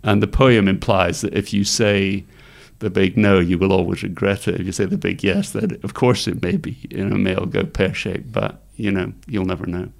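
A middle-aged man, telling lively stories as an interview guest and laughing often. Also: low-pitched, moderate pace, gravelly, few pauses. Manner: animated anecdotes, laughs often, acts out quoted voices. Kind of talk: storytelling in conversation.

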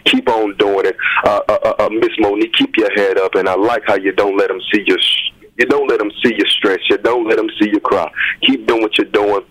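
A young man with a very deep voice calls in to a talk show. He is effusive but halting, and his sentences keep stalling on repeated fillers. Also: steady tone, fairly bright tone, rough recording. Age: young adult. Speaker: caller.

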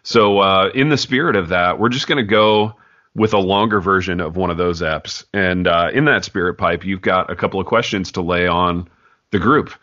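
Podcast host, man, lowish bright voice, jokey banter, dull lo-fi sound. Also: normal speed. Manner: joking, teasing banter. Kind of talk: casual podcast chat.

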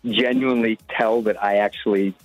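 A man's voice: on the low side, fairly even intonation, normal speed, no room sound, muffled recording, soft background music. A man, a singer guesting on a radio show, talking in a chatty, self-mocking way. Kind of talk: casual radio interview.

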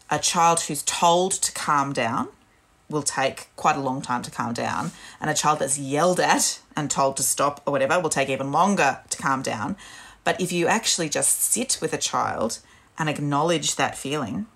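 A woman, calmly explaining parenting advice in a casual chat. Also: low-pitched, moderate pace, creaky, husky. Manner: calm, gentle and explanatory. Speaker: parenting podcast guest.

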